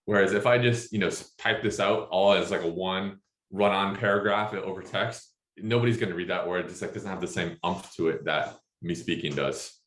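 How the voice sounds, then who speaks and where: A man who co-founded a startup, talking casually and with animation, full of quick asides and slang. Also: deep voice, fairly even intonation, a bit bright, echoey room. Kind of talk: casual talk, answering questions.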